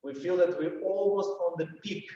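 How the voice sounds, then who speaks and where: A man's voice: high-pitched, normal speed, mellow, a little hiss or hum. A man with a Russian accent teaching a dance masterclass, counting and chanting the rhythm as he demonstrates. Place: dance studio. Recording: roomy, distant, dull studio sound.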